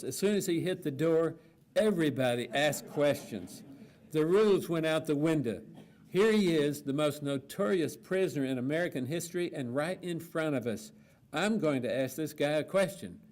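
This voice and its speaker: A man moderating a panel, reading an account aloud in a steady, plainspoken way with frequent fillers. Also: fairly high pitch.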